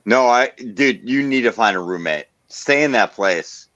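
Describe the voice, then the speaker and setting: A man's voice: medium pitch, expressive, measured pace, fairly bright tone, no room sound, lo-fi sound. A man hosting a casual stream chat, blunt and swearing constantly. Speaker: stream host. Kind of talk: casual profane group chat.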